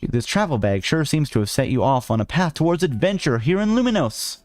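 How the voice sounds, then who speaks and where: A man's voice: on the high side, lively intonation, brisk, a little mellow, no room sound. A man streaming a video game, joking and ranting sarcastically while reading the on-screen text aloud. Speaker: VTuber streamer. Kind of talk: casual let's-play commentary.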